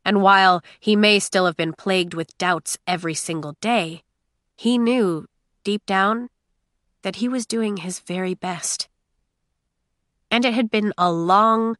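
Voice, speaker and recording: A woman narrating a novel in measured, expressive storytelling. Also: medium pitch, dry recording, studio quality. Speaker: audiobook narrator. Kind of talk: scripted narration.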